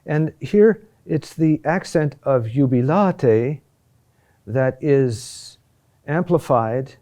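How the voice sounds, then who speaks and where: A man teaching a class on Gregorian chant, speaking in a halting way with many pauses and restarts. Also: medium pitch, animated, mellow. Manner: slow, halting delivery with many fillers and restarts. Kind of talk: classroom lecture.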